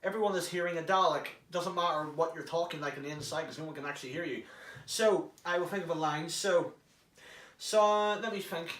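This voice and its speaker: Recorded from within a closed prop casing, this hobbyist's brisk, slightly high and bright voice echoes from well off the mic. He walks through a casual demonstration, joking around, chatting and swearing now and then.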